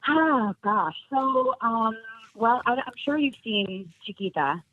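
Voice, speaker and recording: A woman's voice: a little high, lively intonation, takes it slowly, slight background noise. A woman, an actress guest on a podcast, chatting casually and laughing often, with lots of fillers. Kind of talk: casual chat. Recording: narrow phone-like sound.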